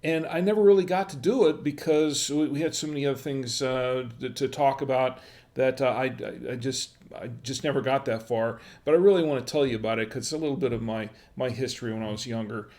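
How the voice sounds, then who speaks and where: A man hosting a casual wine livestream from home, talking straight to his viewers. He rambles in a friendly, chatty way, with plenty of "uh"s and restarts. His voice sits at an ordinary middle pitch. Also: a little mellow. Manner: rambling, frequent fillers and restarts. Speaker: wine review livestream host. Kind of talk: casual live-stream chat.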